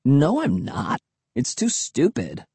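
A man's voice: lowish voice, sing-song, moderate pace, dark tone, slightly rough, no echo, heavily acted. A man voicing a skeptical young boy in an audiobook who grumbles and mocks sarcastically. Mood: sarcastic. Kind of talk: audiobook character voice.

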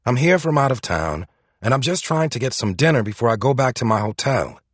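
A man voicing a young male violinist who swears and yells in anger. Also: medium pitch, lively intonation, a little fast, slightly rough, dry recording, voice pushed up. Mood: pleading. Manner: shouting, swearing.

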